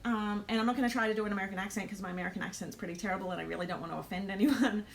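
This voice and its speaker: A woman's voice: medium pitch, racing, vocal fry, slight background noise. An Australian woman hosting a live stream, telling a travel story in a chatty way, with lots of ums and nervous laughs.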